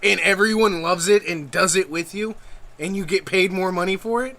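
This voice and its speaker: A man's voice: high voice, moderate pace, bright, forceful tone. A young man co-hosting a podcast, eagerly explaining things in casual chat. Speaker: podcast co-host.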